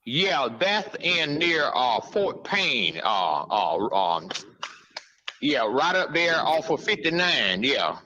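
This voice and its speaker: A friendly, easygoing man from Alabama with a Southern accent, calling in to chat with his cousin on the show. His pitch moves a lot and his voice is bright, coming through a dull, lo-fi call line. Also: very animated, slow pace. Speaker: caller, host's cousin. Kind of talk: phone call.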